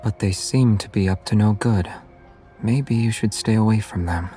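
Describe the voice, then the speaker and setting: A man voicing a soft, calm young hunter. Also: on the low side, moderate pace, faint music behind, natural voice. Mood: concerned. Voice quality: soft, breathy. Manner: quiet, steady, concerned.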